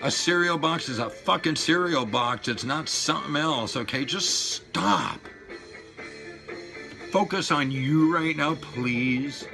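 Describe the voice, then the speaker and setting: A man in his sixties ranting and swearing at his viewers, loud one moment and muttering low the next. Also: lively intonation, slow pace, creaky. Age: 60s. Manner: fired-up, profane, swings between shouting and low mutters. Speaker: vlogger. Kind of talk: profane rant to camera. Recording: music playing behind the voice.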